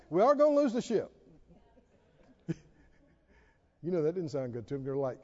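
A man preaching in a high, wildly swinging voice, laughing often and breaking into shouted calls to the crowd. The sound is muffled and rings with a long hall echo. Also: moderate pace, pauses often. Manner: animated, dramatic retelling with frequent laughs and shouted exhortations. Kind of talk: sermon.

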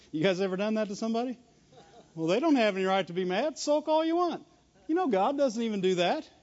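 A man with a strikingly high voice preaches a sermon with emphatic, animated delivery and frequent chuckles. The recording is dull and lo-fi. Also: fast talker.

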